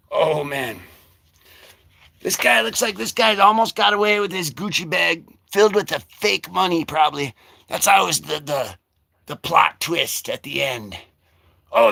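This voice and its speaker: A man hosting a casual comic-book vlog, rambling and joking with sudden shouted bursts. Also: high voice, gravelly.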